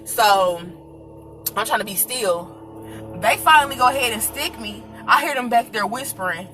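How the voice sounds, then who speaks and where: A woman vlogger telling a personal story in casual chat, animated and laughing, acting out the people she quotes. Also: on the high side, moderate pace, music in the background.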